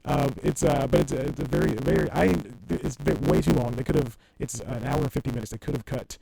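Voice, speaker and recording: Rambling, laughing young man with gravelly voice. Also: mid-range voice, fast. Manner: rambling, self-mocking, laughs often mid-sentence. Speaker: podcast host. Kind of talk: casual solo podcast storytelling. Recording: distorted audio with faint background noise.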